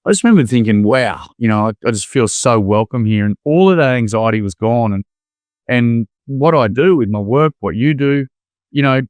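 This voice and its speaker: An Australian man in casual conversation, telling lively stories and acting out the people he quotes. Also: medium pitch, no echo, studio quality. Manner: animated storyteller, acts out quoted voices. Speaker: podcast guest, former teacher.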